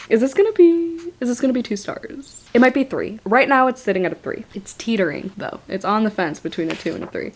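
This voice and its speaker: A woman giving a casual, ranting book review in an animated voice, swearing freely. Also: a little high, normal speed, slight background noise. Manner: animated, profane ranting with frequent laughs. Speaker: book vlogger.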